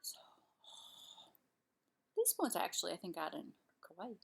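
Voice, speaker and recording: A woman's voice: fairly low pitch, huge pitch swings, unhurried, creaky, breathy edge, whispered. A woman chatting casually to camera at home as she eats, rambling and restarting her sentences. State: out of breath. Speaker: vlogger. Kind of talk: casual chat to camera while eating. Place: her home, kitchen and living room couch.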